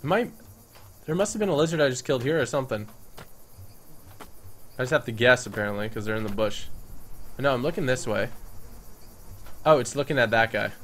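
A man giving playful let's-play commentary on a survival game, excitable and bursting into loud yelling at the game. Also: mid-range voice, fairly quick, long pauses, slight background noise. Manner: playful, jokey. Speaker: gaming YouTuber.

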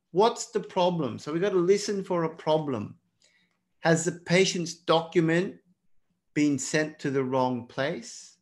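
A man teaching a live online exam prep class in a casual, chatty way, often calling out to everyone. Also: fairly high pitch. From not British. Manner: chatty, keeps addressing everyone.

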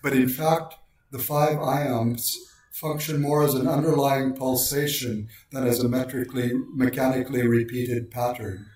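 A man giving a precise, measured lecture on poetic meter and slowing down to recite lines of verse. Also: mid-range voice, steady tone, a little mellow. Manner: precise, deliberate delivery, slows for quoted lines. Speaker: lecturer on poetry. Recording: very echoey room, voice far from mic.

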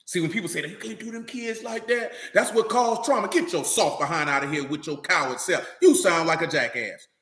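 Man preacher, high and bright, loose street-style delivery, echoey hall. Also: a little fast, few pauses. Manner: loose, street-talking, animated, repeats "you know what I'm talking about". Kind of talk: animated sermon.

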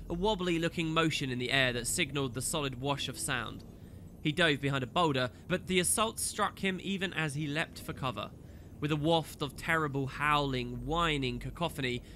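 Bright upbeat man hosting a game video. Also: mid-range voice, slight background noise. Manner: upbeat, loud, filler-heavy. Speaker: let's play host. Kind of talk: gameplay commentary and story reading.

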